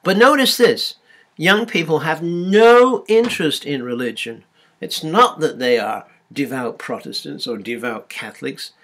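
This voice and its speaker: A man's voice: a little high, lively intonation, measured pace, fairly bright tone. A man giving a university lecture, hesitant and full of ums and restarts.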